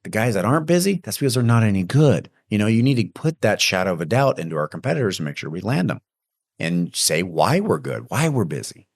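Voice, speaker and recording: A man's voice: fairly low pitch, very animated, brisk, dry recording, clean studio sound. A man hosting a podcast, coaching listeners on hiring and training sales reps in an emphatic, direct way. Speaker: podcast host. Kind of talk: casual business advice monologue.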